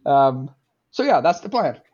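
A man's voice: mid-range voice, big pitch swings, measured pace, darkish tone. A man hosting a movie podcast, steering the talk and summarizing plots with dry humor. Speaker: podcast host leading questions. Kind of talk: casual chat. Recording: dull lo-fi sound.

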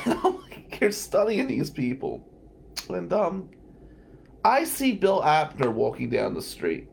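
A man's voice: a little high, big pitch swings, a little slow, creaky, a little hiss or hum. A man, a lawyer hosting a radio talk show, telling a story in a loose, joking way, often laughing and swearing. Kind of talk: storytelling monologue.

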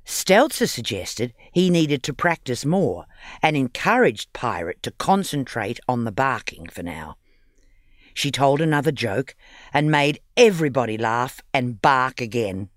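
Man, children's book author, storybook reading, lively sing-song pitch, dry close sound, faint music. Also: a little slow, dry recording. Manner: lively, expressive reading aloud.

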